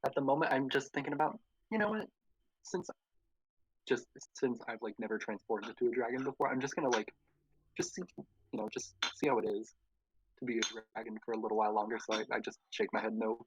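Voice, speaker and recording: A man's voice: mid-range voice, fast, husky, poor audio. A man playing in a tabletop game, talking hesitantly with lots of fillers. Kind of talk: casual chat.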